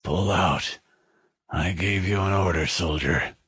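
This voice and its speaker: A man's voice: sits low, slow, a bit bright, husky, dry recording, studio quality, pitched below the performer's own voice, full character voice. A male narrator voicing a dying, delirious ship captain with a weak, slurred voice, heard as if from a distance. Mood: slurred, insistent. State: delirious, in pain.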